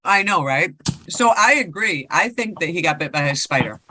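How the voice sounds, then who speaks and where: A woman's voice: fairly low pitch, animated, normal speed, pushed and bright, slight background noise. A woman co-hosting a podcast, casually retelling a ghost story and rambling with lots of fillers. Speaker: podcast co-host.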